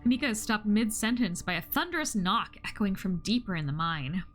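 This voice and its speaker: A woman's voice: medium pitch, lively intonation, fairly quick, a bit bright, faint music behind. A woman streamer reading a visual novel's narration aloud, with playful asides.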